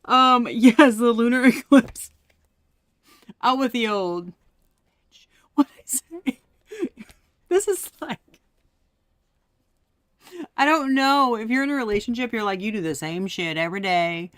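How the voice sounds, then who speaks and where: A woman's voice: on the high side, expressive, unhurried, pauses often, no room sound, clean studio sound. A woman giving a casual tarot reading, chatty and profane, laughing often and sometimes dropping to a whisper. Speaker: tarot reader.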